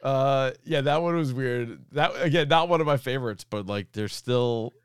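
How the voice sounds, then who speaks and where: A man's voice: mid-range voice, normal speed, clear, resonant tone, no room sound, clean studio sound. A man co-hosting a casual comedy podcast, chatting loosely and acting out quoted lines in little voices. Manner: animated, acts out quoted lines. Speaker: podcast co-host.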